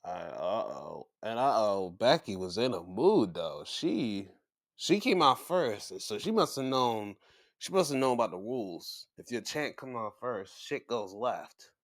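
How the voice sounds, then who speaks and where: The host here has a lowish voice and keeps a measured pace, chatting animatedly through a wrestling recap and acting out quotes. Studio quality with no room sound.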